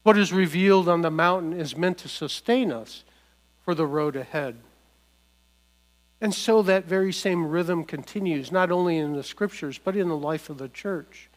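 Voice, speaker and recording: A man preaching a sermon in a measured, declarative way, with deliberate pauses between phrases. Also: fairly high pitch. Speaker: pastor.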